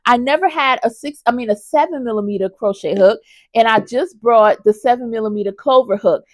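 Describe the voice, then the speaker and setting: A woman's voice: a little high, a little fast, dry recording. A woman vlogger chatting casually about her crochet projects, enthusiastic and talking straight to her viewers. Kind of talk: casual review chat.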